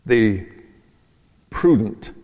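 A man's voice: fairly low pitch, animated, very slow, dark tone. Man preaching in a reverberant hall. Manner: emphatic, repeats key phrases in a rhythmic build; talks through his notes aloud, with asides. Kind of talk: sermon. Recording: long reverb of a large hall.

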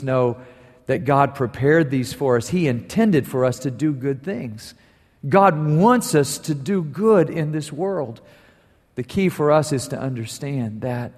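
A man's voice: medium pitch, darkish tone. A man preaching a sermon as pastor, telling stories and building to emphatic points. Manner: storytelling, building to emphatic declarations. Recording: long reverb of a large hall.

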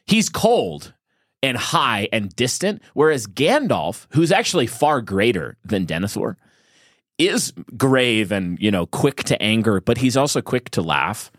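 A man's voice: medium pitch, big pitch swings, unhurried, dry recording, clean studio sound. A man co-hosting a podcast, talking with enthusiasm and musing aloud, often restarting his sentences. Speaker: podcast co-host. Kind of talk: casual discussion.

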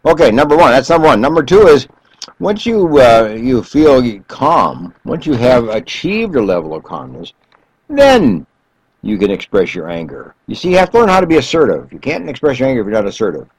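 A man's voice: medium pitch, breathy edge, dry recording, poor audio. A male therapist giving an emphatic self-help talk, counting off numbered steps and repeating key phrases.

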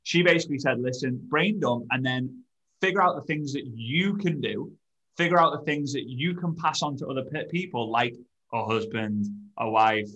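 A male podcast host with an even, mid-range voice, talking in a relaxed, eager way. He jumps back into his sentences often and keeps the chat moving with his guest. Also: mid-range voice, normal speed, highs cut off. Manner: enthusiastic, restarts sentences often. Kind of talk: casual interview chat.

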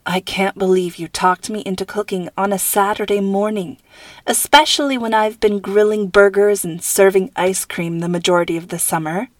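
A blunt, grumbling teenage girl who has no patience for fussy tasks, as a woman reads her. She talks quickly and flatly. The sound is dry. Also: mid-range voice, dry recording, lightly acted.

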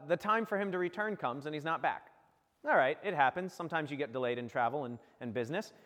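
A man's voice: fairly high pitch, fairly bright tone, big-room sound. A man preaching, telling a saint's story in a joking, playful way and acting out the characters. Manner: playful, jokey storyteller who acts out the characters. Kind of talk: humorous storytelling homily.

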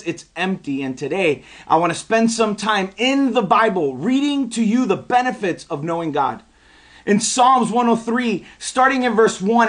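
A man preaching a sermon, telling a personal story in an animated way before building into emphatic preaching. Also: high voice. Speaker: pastor.

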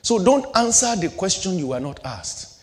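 A man's voice: high voice, very animated, moderate pace. A middle-aged male pastor preaching a sermon, asking rhetorical questions and building and dropping his intensity, in a church hall. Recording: long hall reverb.

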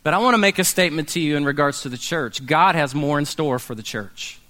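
A man preaching a sermon, animated, acting out quoted people and calling for congregation responses. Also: a little high, brisk. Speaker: pastor. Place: church meeting in a warehouse.

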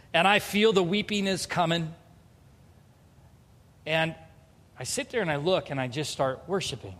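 A man's voice: sits high, a bit bright. Man preaching in a reverberant hall. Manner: humorous, confessional, acts out dialogue. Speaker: pastor. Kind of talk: sermon with storytelling.

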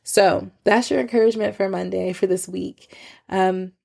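A woman's voice: mid-range voice, fairly even intonation, moderate pace, creaky, darkish tone. A woman in her thirties hosting a podcast, giving earnest, conversational faith encouragement with casual fillers. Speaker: podcast host.

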